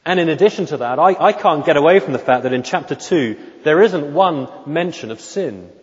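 A man preaching an expository sermon in church, measured and emphatic, often asking rhetorical questions. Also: on the high side, animated. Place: church during a worship service. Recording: dull lo-fi recording with long hall reverb.

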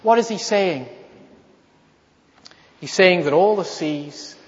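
A man preaching a sermon, asking rhetorical questions with strong emphasis and dropping to a hush at times. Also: high-pitched, lively intonation, takes it slowly. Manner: emphatic, rhetorical questions, swings from loud to hushed. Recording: dull lo-fi sound with long reverb in a large hall.

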